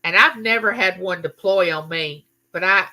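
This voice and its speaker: A woman's voice: on the low side, moderate pace, sharp tone. A middle-aged woman, telling a story in a casual live chat and answering viewers. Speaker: livestream host.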